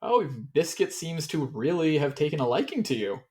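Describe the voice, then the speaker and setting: A man's voice: a little high, sing-song, normal speed, a little mellow, voice pushed up. Man as young female tavern owner, professional, clipped and businesslike. Near his own voice. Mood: friendly.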